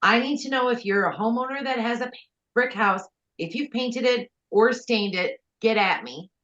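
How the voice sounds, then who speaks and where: A woman's voice: a little high, normal speed, fairly bright tone. Female co-host from Minnesota, chatty, dull muffled lo-fi sound. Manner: chatty, filler-heavy, wry. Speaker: podcast co-host. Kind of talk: casual chat.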